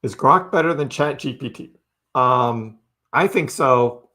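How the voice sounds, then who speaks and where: A man of ordinary pitch hosts a casual crypto live stream. He talks in a loose, chatty way, reads out viewer comments and answers them by name. He laughs often and keeps the tone easygoing. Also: measured pace, sharp tone.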